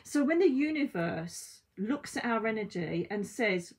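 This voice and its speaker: A woman giving a casual oracle card reading at home, chatty and blunt, with swearing and lively asides. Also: medium pitch, measured pace, hardly any pauses. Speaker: psychic card reader. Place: at home by window blinds.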